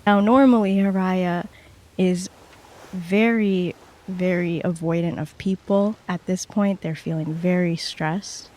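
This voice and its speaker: A player slowly narrating their character's actions in a tabletop game, with descriptive detail. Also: medium pitch, steady tone, darkish tone. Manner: slow, descriptive.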